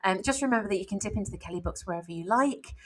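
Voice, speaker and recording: A woman in her forties co-hosting a podcast, speaking candidly and reflectively. Her thoughts often circle back through "you know"s and small restarts, and her pitch sits in an ordinary middle range for a woman. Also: racing, rough recording. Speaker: author and podcast co-host. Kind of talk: casual podcast chat.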